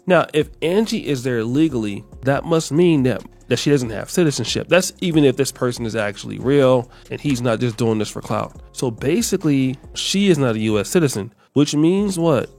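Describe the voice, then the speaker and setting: A man's voice: medium pitch, normal speed, hardly any pauses, faint music behind. A man giving casual reaction commentary, reading out posts and calling for sound effects. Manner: animated, reads out posts, begs for sound effects. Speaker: online commentator.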